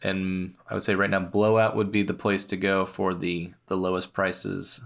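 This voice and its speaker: A man's voice: sits low, flat delivery, normal speed, creaky, fairly bright tone. A man co-hosting a hobby podcast, chatting casually with a dry, joking manner. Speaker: podcast co-host. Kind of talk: casual chat.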